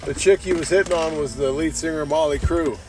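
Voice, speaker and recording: Over loud music, a man with a slightly high voice talks at a quick clip while hosting a podcast. He rambles casually, swears a lot, and calls everyone "dude" in a laid-back, profane way.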